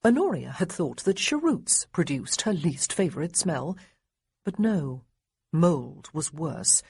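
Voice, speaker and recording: A woman narrating an audiobook with lively, expressive storytelling. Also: lowish voice, slightly rough, no room sound, studio quality. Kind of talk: scripted narration.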